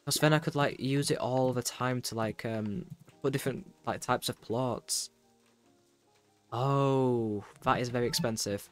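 A young man in casual gameplay commentary, excitable and chatty, talking to himself with lots of fillers. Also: mid-range voice, measured pace, soft background music. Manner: excitable, chatty, full of fillers and self-talk. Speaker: gameplay streamer. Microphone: desk microphone with keyboard noise.

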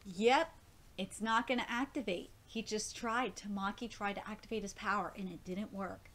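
A woman hosting a live reaction video, reading comic dialogue aloud between excited, gushing comments and casual swearing. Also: medium pitch, moderate pace. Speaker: manga reaction host.

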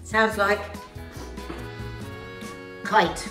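A woman's voice: mid-range voice, little pitch movement, very slow, recorded from a distance. A woman hosting a family video, guessing charades aloud and often laughing. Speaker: host playing charades. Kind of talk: casual family chat. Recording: echoey room, mic from afar, music behind.

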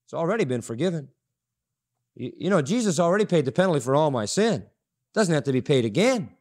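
A man with a notably high voice delivers a sermon from the pulpit. He preaches emphatically, driving points home by repeating short phrases. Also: very animated, a little fast, darkish tone. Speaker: pastor. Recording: audio-only sermon recording.

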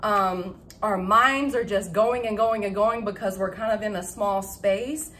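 A young woman chatting casually to camera about her shopping haul, excitable and laughing at her own slips. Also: medium pitch, a little slow, a little hiss or hum. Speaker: vlogger showing a shopping haul. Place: at home.

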